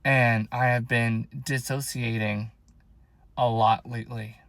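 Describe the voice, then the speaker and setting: A man's voice: mid-range voice, little pitch movement, slow pace, a bit bright, no echo. A young man telling a rambling, emotional story about his faith in a casual video, with lots of "like". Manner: rambling, emotional, heavy use of "like". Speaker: vlogger. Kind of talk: casual personal faith talk.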